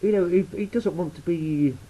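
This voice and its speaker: A man's voice: sits high, normal speed, mellow, low-quality recording. An English man with an English accent, rambling in a blunt, sweary and sarcastic vlog monologue. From England. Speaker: vlogger.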